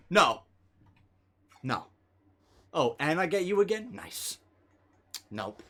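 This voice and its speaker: A man streaming pack openings, pleading and swearing with bursts of shouting. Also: sits high, big pitch swings, slow pace, long pauses.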